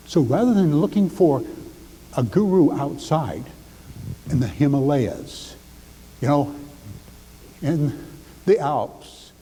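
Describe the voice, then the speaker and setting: An older man giving a seminar talk, animated and acting out the lines he quotes. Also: medium pitch, long reverb tail, slight background noise, poor audio. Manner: animated, acts out quotes, drops to near whisper for demonstration. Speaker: speaker.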